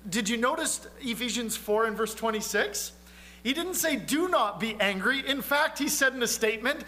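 A man preaching a sermon in an earnest, conversational way, asking his listeners questions and sometimes dropping to a low, quiet voice for emphasis. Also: animated, normal speed. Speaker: pastor.

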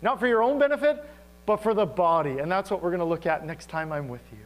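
A man preaching a sermon as pastor, animated and asking the congregation rhetorical questions. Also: sits high, quick pace, rough recording.

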